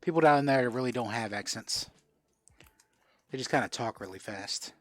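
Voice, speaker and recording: Man, casual live-stream host, mid-pitched voice, dry close sound, chatty, answers viewers. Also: normal speed, dry recording. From South Florida. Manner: chatty, reads out and answers viewer comments while selling cards. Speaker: live card sale host.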